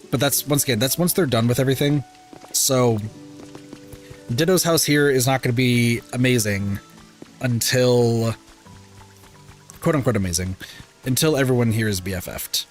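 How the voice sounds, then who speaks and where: Rambling, casual male game streamer. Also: medium pitch. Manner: rambling, lots of filler words and self-corrections. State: sleepy, yawning. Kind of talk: casual gameplay stream commentary.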